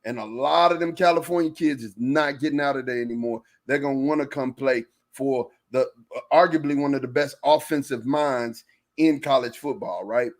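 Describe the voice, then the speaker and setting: A man co-hosting a sports podcast, talking fast and loose, repeating phrases and jumping in over his partner. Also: mid-range voice. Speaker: podcast co-host. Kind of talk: casual sports chat.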